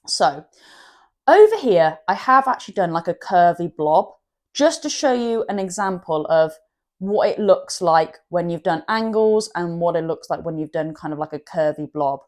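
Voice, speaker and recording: A woman's voice: fairly low pitch, animated, moderate pace. A woman hosting an art channel, giving a chatty drawing tutorial and laughing at herself now and then.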